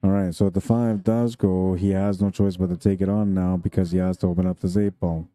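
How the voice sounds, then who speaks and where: A man's voice: low voice, level tone, fairly quick, warm tone, no room sound. A man commentating a pool tournament live stream, chatty and jokey, laughing often between remarks.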